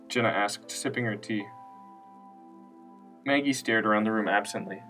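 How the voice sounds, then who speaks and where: A man narrating a scripted story in a steady, unhurried reading voice. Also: lowish voice. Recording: distant mic with faint music.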